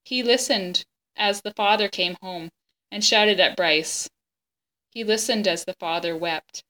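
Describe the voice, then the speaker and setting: A woman reading a children's chapter book aloud in a gentle, expressive way, stopping now and then to explain the pictures and the story. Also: medium pitch, measured pace.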